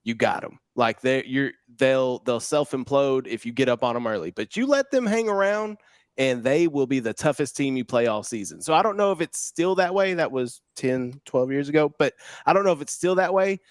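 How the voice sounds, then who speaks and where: A man in his thirties co-hosting a sports show, relaxed and reminiscing. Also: medium pitch, normal speed, no echo, clean studio sound. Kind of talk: casual sports talk.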